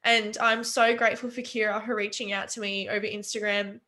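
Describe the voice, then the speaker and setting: A young adult woman, a webinar guest on a video call, shares her personal story earnestly and emotionally, with many fillers. Her mid-range voice barely moves in pitch, and she sounds brisk, bright and forceful.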